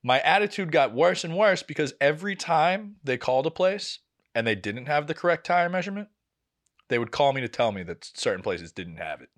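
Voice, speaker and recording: A young man, co-hosting a casual podcast and telling a frustrating story with animated, exasperated energy and plenty of swearing. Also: on the high side, fairly quick. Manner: animated, exasperated, swears freely, acts out quotes. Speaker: podcast co-host.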